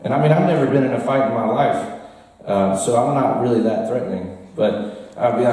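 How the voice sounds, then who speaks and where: Male storyteller, mellow voice, roomy bar sound, mic at a distance, animated and laughing. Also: mid-range voice, brisk. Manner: animated, laughs through his story, chats with the crowd. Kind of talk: live storytelling to a bar audience. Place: bar with an audience. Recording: roomy echo, mic far off.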